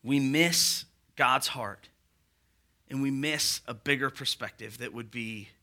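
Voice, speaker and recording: A male pastor preaching a sermon in an animated, conversational way with rising emphasis. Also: mid-range voice.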